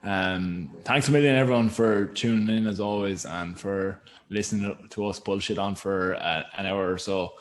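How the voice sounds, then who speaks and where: A man hosting a podcast, wrapping up the episode in a relaxed, halting way. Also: on the low side. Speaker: podcast host. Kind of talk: casual podcast sign-off.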